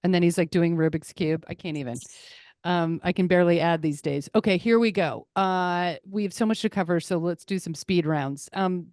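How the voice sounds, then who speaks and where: Excitable woman hosting a sports chat. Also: fairly low pitch, moderate pace, dry recording, clean studio sound. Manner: excitable, gushing, rambling storyteller. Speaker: podcast host.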